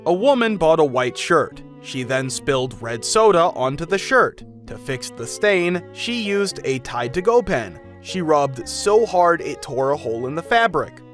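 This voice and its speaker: A man reading out customer stories in an even storytelling manner. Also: on the high side, a little slow, few pauses. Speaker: narrator. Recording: faint music behind.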